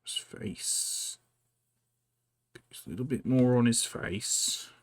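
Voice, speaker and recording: A man's voice: mid-range voice, moderate pace, no echo. A man chatting casually as he paints miniatures, thinking aloud and muttering to himself. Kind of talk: casual chat while working.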